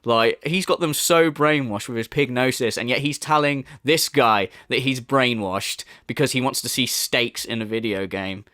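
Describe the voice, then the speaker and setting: A man's voice: mid-range voice, normal speed, few pauses, pushed and bright, no echo, studio quality. A man delivering a profane, mocking rant as a commentary YouTuber. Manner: profane, mocking, laughs scornfully.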